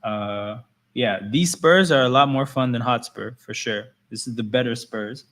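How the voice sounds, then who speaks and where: A man's voice: medium pitch, unhurried, fairly bright tone. A man hosting a casual livestream, talking loosely and answering chat messages as they come in. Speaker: livestream host.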